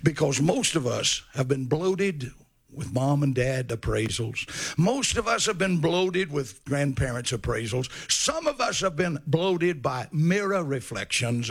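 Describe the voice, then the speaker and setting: A man's voice: on the high side, sing-song, measured pace, gravelly, husky. A man preaching a sermon in a folksy, storytelling way with humor.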